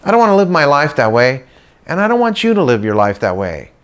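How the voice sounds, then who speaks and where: A middle-aged man doing stand-up storytelling for a crowd, his voice sitting a little high for a man. He talks in a loose, chatty way and breaks into playful sing-song impressions of the people in his story. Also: huge pitch swings, fairly quick, a bit bright. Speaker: comedic motivational speaker. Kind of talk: stand-up storytelling to a live audience.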